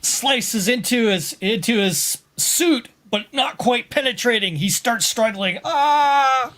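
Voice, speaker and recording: High-voiced, unhurried man running a tabletop game. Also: bright, forceful tone. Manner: loose, halting narration with acted cries. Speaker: game master.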